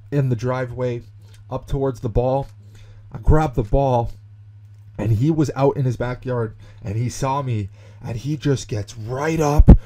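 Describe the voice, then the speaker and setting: A young man narrates a tale over gameplay in a chatty, animated way, leaning on fillers as he goes. His voice is warm and mellow, sitting at an ordinary middle pitch. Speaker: gaming YouTuber. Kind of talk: storytelling commentary over gameplay.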